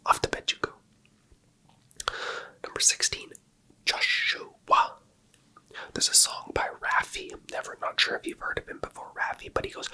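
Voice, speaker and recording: A man doing an ASMR video, speaking in a slow, soft, playful whisper. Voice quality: breathy. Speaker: ASMR creator.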